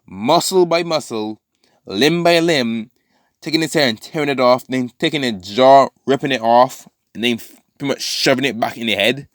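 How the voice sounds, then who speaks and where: A man spins a fan-fiction story off the cuff, circling back to fix details and filling gaps with "uh" and "like." He flicks briefly into character quotes before dropping back into plain narration. His voice sits at a middling pitch and sounds dry and close, with no room sound. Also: moderate pace, dry recording. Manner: rambling, self-correcting, with frequent fillers. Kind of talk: casual improvised story narration.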